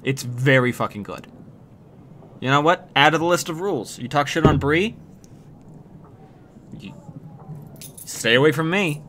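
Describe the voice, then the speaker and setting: Bright-voiced male streamer, joking casually. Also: fairly high pitch, lively intonation, a little slow, long pauses, a little hiss or hum. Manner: joking, swearing, reads game text aloud. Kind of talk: casual gameplay commentary.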